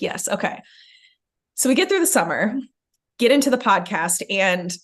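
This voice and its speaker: A young adult woman, a podcast host, telling a personal story in casual chat, filling her talk with "like" and acting out what others said. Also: medium pitch. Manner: animated, many "like" fillers, acts out quoted lines.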